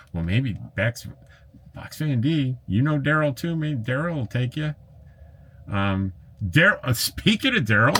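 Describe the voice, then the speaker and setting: A man's voice: on the high side, big pitch swings, moderate pace, sharp tone. A man vlogging from his RV camp, reading viewer comments in a casual, rambling way with chuckling asides. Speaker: RV travel vlogger. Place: RV camp in the desert.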